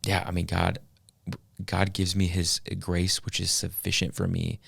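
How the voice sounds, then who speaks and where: Male podcast host, deep gravelly voice, dry close sound, sincere and reflective. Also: completely flat delivery, unhurried, a bit bright, no echo. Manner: earnest, reflective, faith-focused. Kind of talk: casual interview chat.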